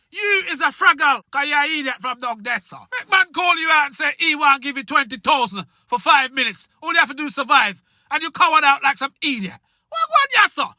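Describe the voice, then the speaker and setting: Man host, taunting rant, very high voice, piercing bright tone. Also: dry recording. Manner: loud, taunting, shouting often. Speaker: commentary channel host. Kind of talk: hyped street-style commentary.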